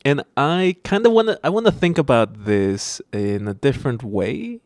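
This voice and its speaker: A man's voice: medium pitch, animated, moderate pace, darkish tone. A man co-hosting a podcast in casual chat, joking and laughing often. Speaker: podcast co-host.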